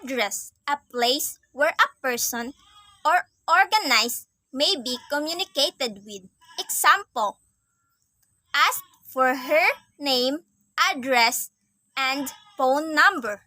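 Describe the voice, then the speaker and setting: A young woman student reading a class assignment aloud, reciting definitions and examples in a careful, measured way. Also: high voice, animated, bright, forceful tone, no room sound, rough recording.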